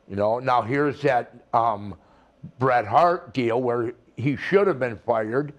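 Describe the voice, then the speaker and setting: Slow-talking older man telling stories. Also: medium pitch, muffled recording. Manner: rambling, laughing, many restarts. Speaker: interview guest, retired wrestler. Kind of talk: casual storytelling interview.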